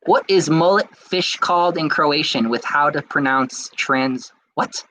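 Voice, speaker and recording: A man hosting a podcast, reading out viewer comments in casual chat and answering them in an excitable, rambling way. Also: fairly high pitch, unhurried, few pauses, rough recording. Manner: excitable and rambling, with frequent restarts. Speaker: podcast host.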